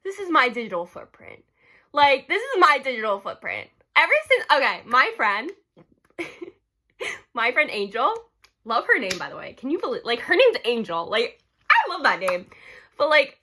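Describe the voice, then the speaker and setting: A woman's voice: high voice, wildly swooping pitch, moderate pace, bright, forceful tone. A young woman rambling casually in a vlog, giggly and gushing, with constant "like" fillers. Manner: giggly, gushing, heavy use of "like". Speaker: book vlogger.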